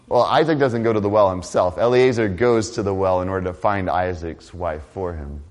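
Animated man preaching a sermon. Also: medium pitch. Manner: animated, conversational preaching with swings from loud to quiet. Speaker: pastor.

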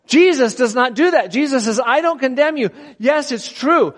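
Animated male preacher in a reverberant hall. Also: extremely high pitch, fairly quick, hardly any pauses. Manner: animated, conversational, asks the audience questions. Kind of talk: sermon.

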